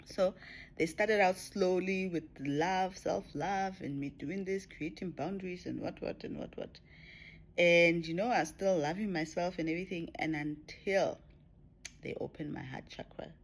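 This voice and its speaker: A woman talking to camera about her spiritual experiences in a reflective way, often dropping to a soft whisper. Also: lowish voice, normal speed. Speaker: spiritual vlogger. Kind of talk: personal spiritual talk to camera.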